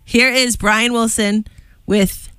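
A young woman hosting a college radio show, talking in a gushing, excitable way with frequent laughs. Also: a little high, slow pace, clean tone, dry recording. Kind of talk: casual on-air chat. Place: radio studio. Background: jazz music playing behind.

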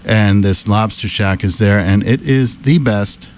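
Chatty low-voiced man reviewing food. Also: measured pace, darkish tone, slight background noise. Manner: chatty, enthusiastic storytelling. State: out of breath. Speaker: radio guest, food reviewer. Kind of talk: casual radio chat.

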